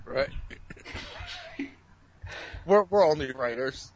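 A man on a casual podcast call, sleepy and quick to laugh. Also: medium pitch, animated, highs cut off, slight background noise. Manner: laughing, drowsy. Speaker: podcast co-host. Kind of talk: casual chat. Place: online voice call.

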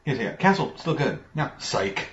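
A man's voice: mid-range voice, sing-song, moderate pace, a bit bright. A man co-hosting a casual chat about TV shows, talking loosely, swearing and laughing often. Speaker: podcast co-host. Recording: roomy, dull lo-fi sound with faint noise.

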